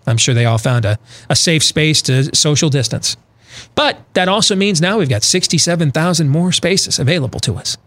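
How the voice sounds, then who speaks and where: Male talk host, middle-aged, blunt and emphatic, slightly high voice. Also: expressive, moderate pace, fairly bright tone. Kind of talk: casual political talk radio banter.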